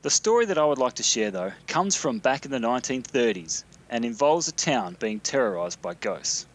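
A man's voice: medium pitch, sing-song, moderate pace. An Australian man from South Australia reading out his own spooky hometown story, with casual, dry asides. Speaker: listener sending a recorded story. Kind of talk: reading a written story aloud.

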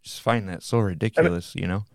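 A man's voice: deep voice, brisk, no echo, studio quality. A man hosting a podcast who talks in a loose, casual and profane way. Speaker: podcast host.

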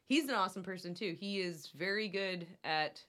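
A woman's voice: on the low side, moderate pace, a bit bright. Chatty young woman telling a story. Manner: chatty, many "like" fillers. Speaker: podcast guest, athlete. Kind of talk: casual chat.

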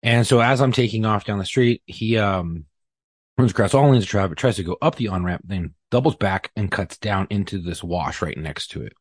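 A man with a low, husky voice tells a story in a loose, profane way, acting out each line people said. The sound is dry and close to the mic. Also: moderate pace, no echo. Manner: profane, animated retelling with acted-out quotes. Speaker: podcast guest. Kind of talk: casual storytelling.

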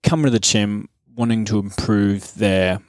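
Easygoing man, low voice. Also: steady tone, unhurried, no echo, clean studio sound. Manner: easygoing, joking, laughs often. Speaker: podcast co-host, fitness coach. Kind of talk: casual chat.

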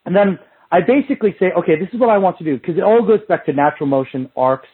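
A man, a movement coach, telling a casual story in an animated, profane way and acting out what other people said. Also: high-pitched, quick pace, slightly rough, phone-quality sound.

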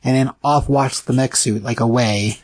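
Male co-host, casual comic recap, husky and dry, animated. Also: mid-range voice, dry recording. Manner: animated, acts out comic dialogue in quick voices.

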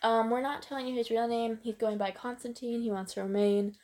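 A woman's voice: a little high, steady tone, brisk, a little mellow. A teenage girl co-hosting a podcast in rambling, giggly, chaotic casual chat. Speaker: podcast co-host.

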